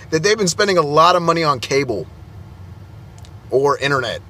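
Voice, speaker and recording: A man's voice: a little high, sing-song, normal speed, pushed and bright, a little hiss or hum. A young man, an IT technician, ranting in a flustered, exasperated way and stumbling over his words. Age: young adult. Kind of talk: heated vlog rant.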